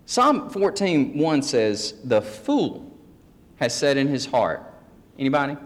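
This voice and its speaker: A man's voice: medium pitch, sing-song, slow. A man preaching a folksy teaching sermon, joking with his congregation. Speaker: pastor. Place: church sanctuary. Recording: long hall reverb.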